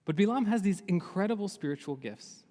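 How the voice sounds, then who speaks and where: A man, a rabbi, giving a sermon on the weekly Torah portion, telling it lively and asking many rhetorical questions. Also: high-pitched, brisk. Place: synagogue sanctuary. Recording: long reverb of a large hall.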